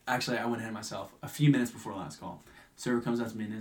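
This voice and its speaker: A man's voice: lowish voice, fairly even intonation, rapid-fire. A young man co-hosting a podcast who tells a work story in casual chat, swearing freely and acting out the people he quotes. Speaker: podcast co-host.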